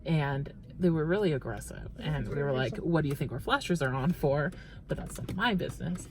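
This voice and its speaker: A man's voice: fairly high pitch, lively intonation, brisk, noisy background. A man co-hosting a late-night vlog, telling a long rambling story with many restarts from inside a car. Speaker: vlog co-host. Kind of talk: casual chat while driving.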